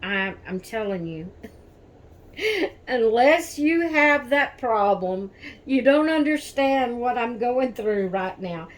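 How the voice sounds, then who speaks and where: Slow-talking rambling woman vlogger. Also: on the high side, expressive. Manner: rambling, repeats herself, talks to viewers as guys. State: shaken, near tears. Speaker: doll collector vlogger. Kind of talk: casual chat to camera.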